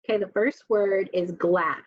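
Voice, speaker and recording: A woman teaching a slow spelling lesson, sounding out words and letters one at a time. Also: mid-range voice, steady tone, no room sound. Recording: dull, dry lo-fi recording.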